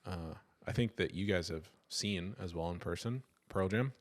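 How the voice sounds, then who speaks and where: A man's voice: low voice, normal speed. A middle-aged man co-hosting a casual podcast chat, joking and easygoing. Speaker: podcast co-host.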